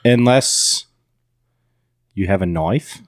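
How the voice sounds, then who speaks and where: A man co-hosting a casual podcast, joking in an animated way and quoting movie lines. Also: deep voice, slow pace, no echo, clean studio sound. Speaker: podcast co-host.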